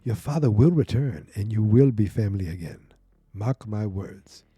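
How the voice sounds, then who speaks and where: A man voicing a stern, secretive older woman neighbor who speaks in a hushed, warning tone. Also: fairly low pitch, lively intonation, moderate pace, husky, dry recording, studio quality.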